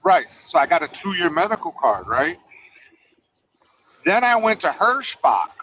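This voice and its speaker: A man's voice: sits high, very animated, unhurried, pushed and bright, a little hiss or hum. A man who drives trucks, hosting a casual, rambling, profanity-filled chat and teasing his guests. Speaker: trucker and podcast host. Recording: dull lo-fi audio.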